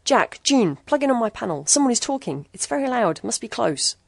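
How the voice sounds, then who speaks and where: A woman voicing a nervous, excitable male chemist who talks in urgent bursts. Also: on the low side, brisk, no echo. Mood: urgent excited. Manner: jittery, urgent.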